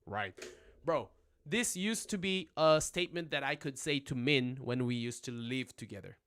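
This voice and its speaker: Speaking at a moderate pace in an expressive, mid-range voice that's a bit bright, clear and resonant, a young man gives a casual livestream lesson. It's recorded on his phone at home, full of jokes, rambling, profanity and frequent "right?" check-ins.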